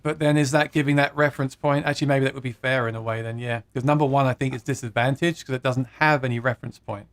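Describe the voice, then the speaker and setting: A man's voice: medium pitch, fairly even intonation, fast, hardly any pauses, fairly bright tone. A man hosting a live guitar stream, chatting casually, reading viewer comments aloud and laughing at his own jokes.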